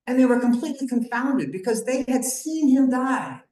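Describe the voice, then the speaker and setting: A man's voice: extremely high pitch, expressive, moderate pace, dark tone. A man giving a conversational talk at a banquet, retelling a Bible story with joking asides to the audience. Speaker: banquet speaker. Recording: echoey room.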